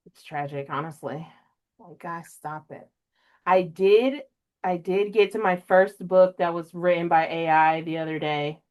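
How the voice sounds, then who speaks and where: A young woman hosting a casual book podcast, chatty and emotional, jumping way up in pitch when she acts out her own reactions. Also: normal speed. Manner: emotional, animated storyteller with big pitch jumps in quoted reactions. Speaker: podcast host. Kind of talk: casual chat.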